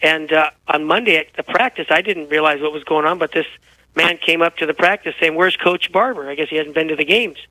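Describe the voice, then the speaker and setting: A man who is feeling unwell, a guest telling lively anecdotes on a radio interview. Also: on the high side, a little fast, no room sound, poor audio. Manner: animated, tells anecdotes with quoted dialogue. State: unwell, feels physically poor. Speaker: guest author.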